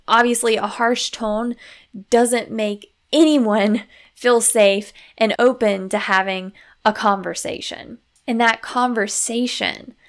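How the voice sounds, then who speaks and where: A woman with a slightly high voice and a gravelly, fry-laced edge talks in a calm, coaching way. She walks through ideas step by step, like a podcast host giving parents practical guidance. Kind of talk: instructive solo podcast talk.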